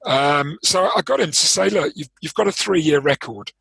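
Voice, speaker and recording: A man's voice: fairly high pitch, normal speed, gravelly, fairly bright tone, breathy edge, no room sound, low-quality recording. A man with a London accent, a trading coach explaining his ideas in an interview, thoughtful and prone to restarting his sentences. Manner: thoughtful, explanatory, with frequent restarts and repeated words. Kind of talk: interview conversation.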